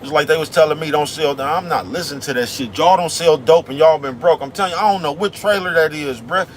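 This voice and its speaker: A man's voice: fairly high pitch, quick pace. A man driving a big truck, rambling and preaching in slangy, casual talk to his viewers. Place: cab of a big truck on the road. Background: faint traffic noise.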